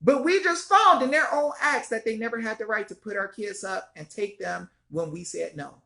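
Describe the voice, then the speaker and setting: With a gravelly, sharp-toned voice pitched a little high, a woman vlogs at normal speed, ranting passionately to her viewers. She's an activist who calls them "y'all," swears mildly and circles back to the same points again and again.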